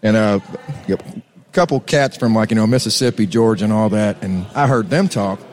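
Laid-back Texan man, low voice. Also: moderate pace, a little mellow. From Texas. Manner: laid-back, rambling, laughs often. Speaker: musician guest. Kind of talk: casual storytelling chat.

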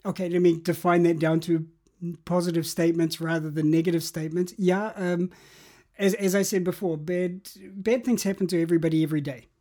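A man speaks in a somewhat raised but warm, mellow tone as an interview guest. He explains ideas step by step, circling back and restarting phrases as he thinks aloud. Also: high voice, fairly even intonation, fairly quick. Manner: reflective, explaining with examples and restarts. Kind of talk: interview about habits.

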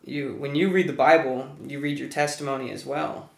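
A man's voice: fairly high pitch, fairly even intonation, fairly quick, creaky, a crowd in the background. Male interviewer, casual, thoughtful questions, roomy sound. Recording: echoey room.

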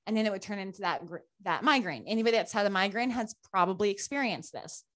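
A woman guest telling a personal story in casual talk, animated and full of "like" fillers, acting out the voices of people she quotes. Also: medium pitch, fast talker. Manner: chatty, frequent "like" fillers. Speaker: podcast guest.

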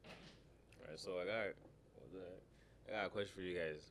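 Calm deep-voiced young podcast co-host. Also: male voice, normal speed, pauses often, a little hiss or hum. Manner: calm, prompting questions, frequent mm-hmms. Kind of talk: casual podcast chat.

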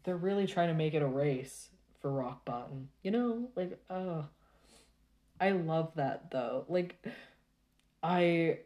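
A woman talking casually to her viewers in a rambling, exasperated rant full of halting restarts. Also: low voice, dark tone.

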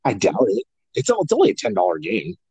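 A man's voice: high-pitched, huge pitch swings, a little fast, gravelly, dark tone, husky, dry recording. A man co-hosting a podcast in casual chat, rambling, swearing freely and laughing often. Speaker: podcast co-host.

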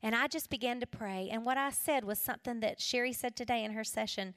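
A middle-aged woman gives an emotional testimony sermon in a high, bright voice. She tells her story with rising intensity and falls back to hushed whispers at tender moments. The sound is close and dry, with no room echo. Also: brisk, hardly any pauses. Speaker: speaker at a women's gathering.

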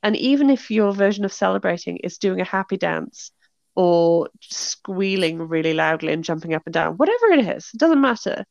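A chatty British woman with a gravelly, slightly fried edge to her voice talks through a casual conversation, laughing often and acting out the reactions she quotes. The sound is dry and a little dull. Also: mid-range voice, animated, normal speed, no room sound. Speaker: author and podcast host. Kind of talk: casual chat.

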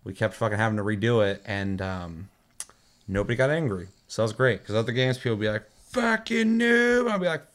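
A man with a fairly low voice talks through a casual gaming chat as host. He rambles through his stories and swears freely. The talk is loose and unscripted. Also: fairly even intonation, fast. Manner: profane, rambling storytelling.

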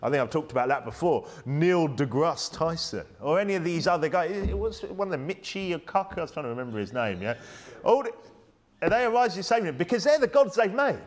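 Male British preacher, emphatic and conversational, a bit high and very animated in pitch. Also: fairly quick. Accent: British English. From United Kingdom. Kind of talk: sermon.

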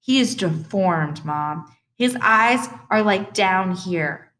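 A woman's voice: medium pitch, expressive, slow pace, a bit bright. A woman voicing an exasperated, insistent middle school boy in a storybook reading.

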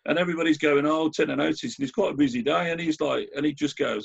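A man talks in a casual chat, his voice gravelly and a little husky. He tells stories with lively restarts. The audio is dull and lo-fi. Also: fairly high pitch, fast talker, few pauses. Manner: animated storyteller, many restarts. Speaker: guest. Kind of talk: casual conversational anecdote.

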